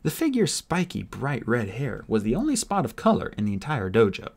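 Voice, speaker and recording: A husky male narrator reads a fantasy novel aloud, reading in a casual, amateur style. His pitch swings in a lively way through each sentence. He voices the characters with energy. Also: fairly quick. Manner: expressive, animated reading with voices. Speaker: audiobook narrator.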